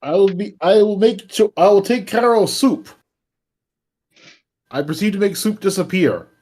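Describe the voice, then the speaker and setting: A man voicing an eager male companion who talks in broken, halting phrases. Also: high voice, lively intonation, darkish tone, pitched above the performer's own voice.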